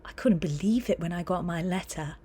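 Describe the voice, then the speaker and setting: A woman voicing an eager, friendly schoolgirl in an audiobook, with a husky tone. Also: lowish voice, fairly quick, mellow. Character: cheerful tearful young schoolgirl witch. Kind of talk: audiobook character voice.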